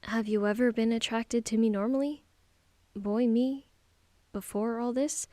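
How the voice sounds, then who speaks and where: A woman's voice: on the high side, fairly even intonation, a little slow, dark tone, dry recording, lightly acted. A woman voicing a timid, submissive young man who sounds shaken and hesitant, in an audiobook. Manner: whiny and hesitant.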